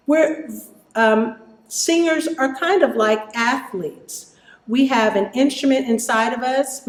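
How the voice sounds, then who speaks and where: Slow, higher-voiced woman music teacher leading a kids' vocal warm-up in an echoey room. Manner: encouraging, sings and demonstrates exercises. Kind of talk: children's vocal warm-up lesson.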